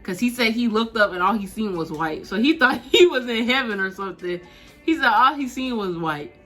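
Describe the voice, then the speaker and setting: Bright-voiced 19-year-old woman telling a story. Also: fairly high pitch, brisk, faint music behind. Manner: animated, slangy retelling with laughs. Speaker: vlogger. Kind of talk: casual storytime.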